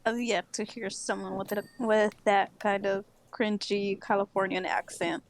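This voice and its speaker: A woman's voice: medium pitch, steady tone, measured pace, a little hiss or hum. A woman chatting casually on a gaming stream, teasing her friend and giggling.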